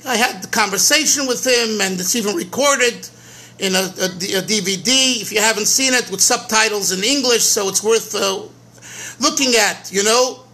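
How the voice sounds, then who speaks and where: High, bright-voiced rabbi teaching slowly. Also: male voice. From American. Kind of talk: slow, informal teaching talk at a gathering, illustrated with sung melody.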